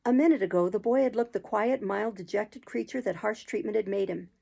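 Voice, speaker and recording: A woman narrating a classic novel aloud, expressive, now and then clearing her throat. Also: medium pitch, brisk, poor audio.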